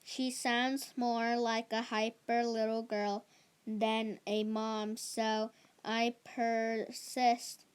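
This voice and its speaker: A woman reading a first-person novel aloud in a slow, halting delivery with small slips. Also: a little high, flat delivery, clean tone. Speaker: reader.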